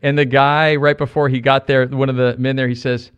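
A middle-aged American man preaching a sermon, animated, repeating phrases for emphasis and joking with the congregation. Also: medium pitch, fairly quick, smooth, lo-fi sound. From United States. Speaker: pastor.

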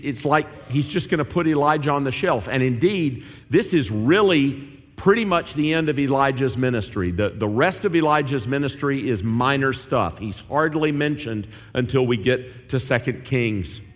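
A man preaching a sermon, animated and acting out the voices of biblical figures. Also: mid-range voice, normal speed. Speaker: pastor. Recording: long hall reverb.

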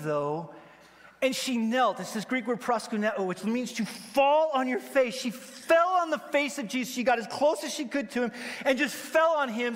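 A man from Wyoming preaching a sermon as pastor, animated and joking, acting out the voices he quotes. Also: high voice. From Wyoming, United States. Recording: long hall reverb.

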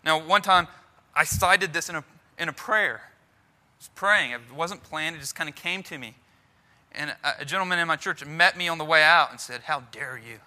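High, bright-voiced male preacher. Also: normal speed. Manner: earnest, conversational preaching with frequent restarts. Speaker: pastor. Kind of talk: sermon.

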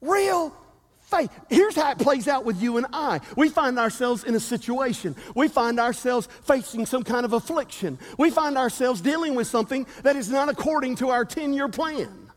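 A man with a strikingly high voice preaches a sermon from the pulpit. He hammers his points through repetition and leads the congregation in call-and-response. His voice carries a long reverb through a large church sanctuary. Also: animated, normal speed, few pauses. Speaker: pastor. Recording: reverberant hall.

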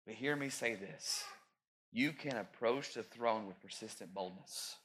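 A man in his thirties preaching a sermon as pastor, rising to loud peaks and dropping into joking asides. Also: lowish voice, unhurried.

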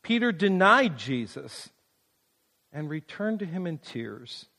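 A man with a high voice speaks slowly and earnestly, tender in his reflection. A long reverb hangs after his words. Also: sing-song, gravelly, bright, forceful tone. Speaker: preacher. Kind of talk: reflective devotional reading.

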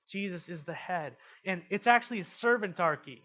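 Man, pastor, sermon, quiet to emphatic, questions to the congregation, slightly high voice, dull lo-fi recording. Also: fast, few pauses. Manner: swings from quiet and intimate to loud and emphatic.

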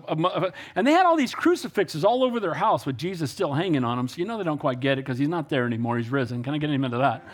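A man preaching a sermon in a notably high voice, swinging between quiet asides and bright, climbing emphasis. He tells stories, asks pointed questions and calls for amens. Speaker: pastor.

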